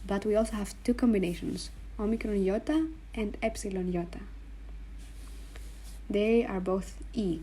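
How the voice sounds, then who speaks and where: Woman, language teacher, slow and patient, mellow tone, faint room noise behind. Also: mid-range voice, steady tone. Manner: slow, patient, spells out sounds and repeats them. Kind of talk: explaining letters on a board.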